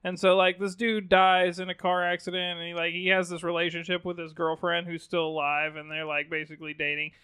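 A man's voice: sits high, flat delivery, a little fast, hardly any pauses, pushed and bright, clean tone. A young man, chatting casually on a podcast, laid-back and rambling. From Texas. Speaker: podcast co-host. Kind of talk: casual chat.

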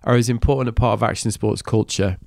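A man's voice: lowish voice, steady tone, fast talker, gravelly, darkish tone, no room sound, clean studio sound. A man from Manchester with a cold that makes him nasal, hosting a podcast with a cheeky, enthusiastic manner. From Manchester, England. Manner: enthusiastic, cheeky, swears casually. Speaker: podcast host. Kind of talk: scripted intro, then casual interview chat.

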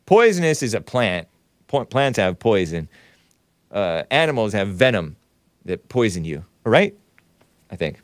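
A male talk show host chats loosely on air, wandering from point to point and correcting himself as he goes. His pitch swings widely and expressively, and the sound is close and dry with no room echo. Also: sing-song, measured pace, pauses often. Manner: rambling, wry asides, frequent self-corrections. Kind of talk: casual call-in show chat.

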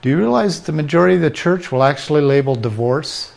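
A man preaching a sermon, emphatic and full of rhetorical questions, sometimes dropping into quiet asides. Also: on the high side, expressive, fast talker, gravelly, hardly any pauses.

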